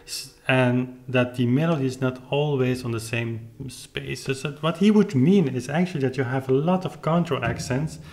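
A man's voice: medium pitch, normal speed, few pauses, darkish tone. A man who plays the clavichord, thoughtfully explaining his interpretation and searching for the right words as he goes. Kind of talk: reflective spoken commentary with demonstrations. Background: faint clavichord playing between remarks.

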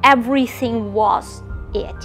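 A woman giving a spiritual testimony, slow and deliberate in a reverent tone. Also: fairly high pitch, fairly bright tone, faint music behind.

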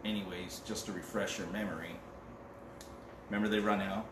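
A man's voice: fairly low pitch, steady tone, fairly quick. A man preaching a conversational sermon as pastor, joking casually and reading scripture aloud. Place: church. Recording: roomy and distant with background noise.

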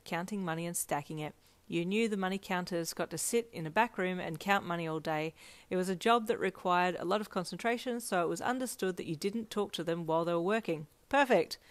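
Una donna legge una storia in seconda persona con un ritmo gentile e regolare. La sua voce è piuttosto grave e la registrazione è secca e ravvicinata, senza riverbero della stanza. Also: female voice, fairly low pitch, no room sound. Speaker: fanfiction narrator. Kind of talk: second-person story narration.

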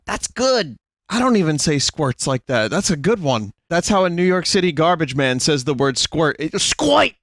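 A man's voice: on the high side, expressive, normal speed, no room sound, clean studio sound. A man streaming a game, giving sarcastic, profane, mock-outraged commentary. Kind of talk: casual gameplay commentary.

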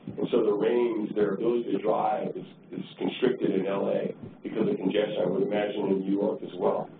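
A man's voice: lowish voice, level tone, fairly quick, vocal fry. A man giving a conference presentation in a loose, conversational way, often repeating words as he thinks. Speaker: transportation agency director giving a talk. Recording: distant, tinny and roomy with noise.

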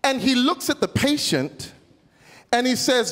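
A man with a high voice preaches to a congregation, weaving humorous stories into the sermon and calling for responses. His voice rings with the long reverb of a large hall. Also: sing-song, a little slow, fairly bright tone. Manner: humorous storytelling, calls out to the congregation. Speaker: pastor.

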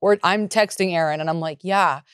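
A woman's voice: lowish voice, brisk, clear, resonant tone, dry recording, clean studio sound. Foul-mouthed woman podcast co-host spinning stories. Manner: profane, animated storytelling with acted-out quotes. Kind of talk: casual chat.

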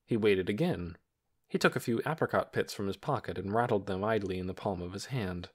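A man reading an audiobook in calm, measured scripted narration. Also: lowish voice.

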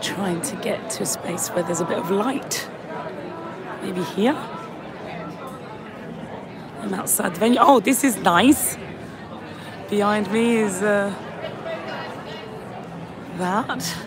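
A hoarse, tired woman hosting a casual live-stream chat outdoors outside a venue, reading out viewer comments into a phone held at arm's length. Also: medium pitch, slow pace, pauses often. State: hoarse, lost voice. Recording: crowd noise on a busy street.

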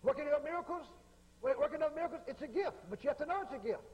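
A male preacher tells stories in a folksy way, repeating his phrases again and again. His voice sits high and swings widely, with a rough, husky grain. The sound carries a long reverb from a large church hall. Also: lively intonation, rapid-fire. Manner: folksy, repetitive, acts out quotes. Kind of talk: sermon storytelling.

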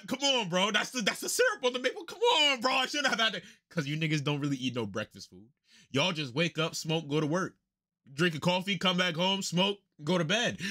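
Excitable high-pitched man reacting. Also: fairly quick. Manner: excitable, slangy, laughs often, repeats himself. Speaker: host reacting to music. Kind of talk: casual reaction commentary.

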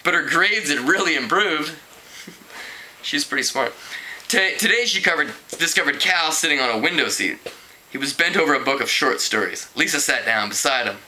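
A man reads a teen novel aloud in a relaxed, unpolished way. His voice is very bright and a bit high, and he lifts it further for the dialogue. He often stumbles, restarts words, and chuckles at the plot. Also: rough recording. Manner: stumbling over words and correcting himself; voices characters with raised pitch. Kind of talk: casual read-aloud narration.

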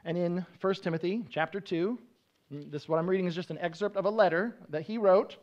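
A man's voice: sits high, fairly quick, a little mellow, dull audio. Man preaching a conversational sermon. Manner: conversational, explanatory, restarts mid-sentence. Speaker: pastor.

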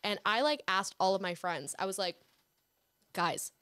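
A woman's voice: medium pitch, animated, sharp tone. A woman of twenty-one, a guest actress, chatting and teasing playfully on a podcast. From Houston, Texas. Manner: playful, teasing, quick to joke. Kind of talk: casual podcast chat. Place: host's apartment.

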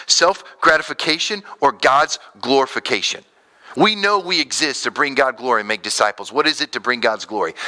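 A man in his thirties preaching a sermon as pastor, animated, acting out quoted voices. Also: medium pitch.

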